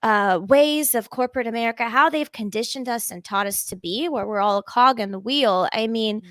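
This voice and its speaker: A woman being interviewed as a podcast guest, talking in an animated, enthusiastic way in long flowing runs. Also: fairly high pitch, normal speed, dry recording. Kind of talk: casual interview talk.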